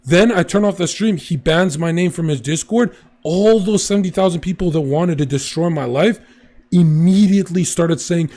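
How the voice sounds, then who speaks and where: A man in casual podcast chat, telling stories in an animated way and swearing freely. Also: high-pitched, normal speed.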